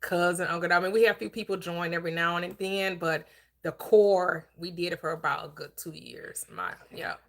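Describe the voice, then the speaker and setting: A woman hosting a live-streamed book club, upbeat and chatty, greeting viewers with quick repeated words. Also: lowish voice, fairly even intonation, fairly bright tone. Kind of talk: live-stream chat and discussion.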